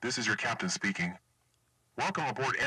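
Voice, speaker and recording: A man's voice: mid-range voice, very animated, brisk, crowd noise, close to an everyday voice. A synthetic male voice playing an airline captain who makes formal announcements.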